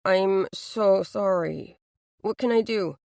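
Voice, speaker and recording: A woman reading the lines of a gentle, protective teenage boy in an audiobook, speaking softly and reassuringly. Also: medium pitch, slow pace, vocal fry, no room sound, clean studio sound.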